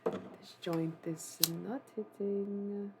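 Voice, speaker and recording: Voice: mid-range voice, steady tone, very slow, very noisy. A streamer and self-styled necromancer chatting casually on a live stream and retelling a singer's life story, with rambling, offhand asides to the chat.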